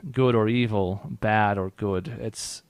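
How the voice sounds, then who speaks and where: A man's voice: fairly low pitch, fairly even intonation, takes it slowly, smooth, no echo. A man narrating as game master of a tabletop role-playing game, reading spell rules aloud and voicing characters, laughing between lines.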